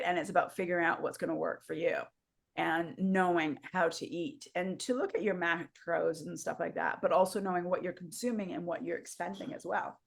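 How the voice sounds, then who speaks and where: A woman's voice: lowish voice, fairly quick, vocal fry. A woman whose first language is French, co-hosting a podcast in chatty, rambling, upbeat casual talk over a video call. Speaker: podcast co-host. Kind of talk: casual chat.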